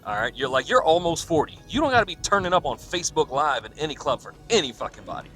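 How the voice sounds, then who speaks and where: A man with a bright, forceful voice tells a story on his podcast in a loose, profane style. He chuckles often and acts out both sides of the conversation. Faint music plays under him. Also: on the high side, fast. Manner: profane, laughing, animated retelling with quoted dialogue. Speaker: podcast host. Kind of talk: casual storytelling monologue.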